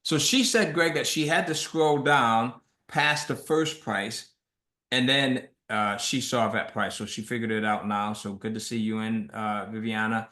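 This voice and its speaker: A man's voice: medium pitch, unhurried, sharp tone, reverberant. A man hosting a webinar, speaking in a conversational, motivational way and reading out viewer questions. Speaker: webinar host.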